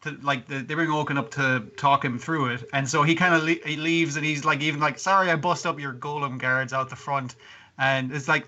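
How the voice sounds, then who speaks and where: A man's voice: fairly high pitch, fairly even intonation, fairly quick, pushed and bright, lo-fi sound. A man co-hosting a podcast, recapping an anime episode in casual chat, swearing and laughing as he quotes the characters. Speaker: podcast co-host.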